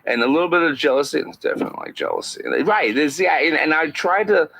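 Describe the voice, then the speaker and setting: A man doing a satirical impression of an older male actor as a podcast guest, speaking in halting phrases with odd pauses. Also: fairly high pitch, lively intonation, vocal fry, fairly bright tone, slightly rough, voice pushed up, exaggerated voice, low-quality recording. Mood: storytelling.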